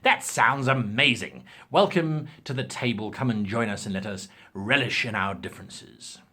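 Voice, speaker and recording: A man's voice: lowish voice, normal speed, slightly rough. A man giving game-master tips in a casual, opinionated talk, acting out examples as he goes. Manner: animated, opinionated, acts out examples.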